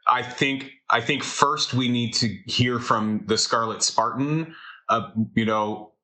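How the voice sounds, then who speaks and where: A man's voice: mid-range voice, slow pace, sharp tone, low-quality recording. A man running a tabletop game as game master, talking loosely with lots of fillers and the odd swear.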